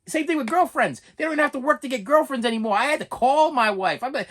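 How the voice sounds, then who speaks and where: A man's voice: very high voice, expressive, quick pace, hardly any pauses, fairly bright tone. A middle-aged man ranting in a comedic vlog, exasperated and stumbling over restarts. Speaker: vlogger. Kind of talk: comedic rant and unboxing vlog.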